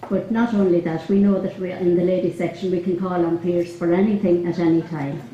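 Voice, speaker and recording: A woman's voice: lowish voice, fairly even intonation, a little fast, muffled recording. A woman giving a chatty, humorous after-dinner speech as lady captain. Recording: echoey hall with crowd noise.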